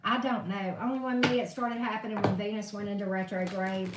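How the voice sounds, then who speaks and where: A woman's voice: mid-range voice, steady tone, a little fast. A woman reading tarot on a live stream, venting in a blunt, profane way. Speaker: tarot reader. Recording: echoey room, distant mic, faint noise.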